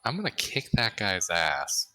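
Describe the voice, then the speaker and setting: A man in a tabletop session, playful and a bit hesitant, often restarting his words. His low voice has a bright, sharp edge, recorded close and dry. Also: huge pitch swings, measured pace, clear, resonant tone, no echo. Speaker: player. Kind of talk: casual tabletop play.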